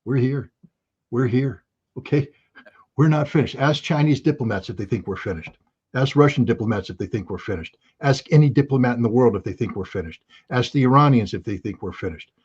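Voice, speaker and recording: A man's voice: mid-range voice, fairly quick, darkish tone, husky, dull audio. An American man speaking as a guest on a livestream interview, emphatic and lecturing, repeating points for force. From United States. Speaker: guest commentator.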